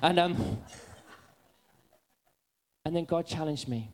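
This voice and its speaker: A man's voice: a little high, takes it slowly, darkish tone. A man preaching a sermon in a church, telling stories with humor that pokes fun at himself. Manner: humorous, self-deprecating storytelling.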